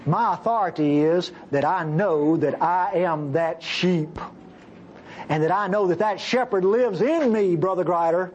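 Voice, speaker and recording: Impassioned high-voiced male preacher. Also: measured pace, a little mellow, muffled recording, slight background noise. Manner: impassioned, acts out quoted voices, jumps between high and low. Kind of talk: sermon.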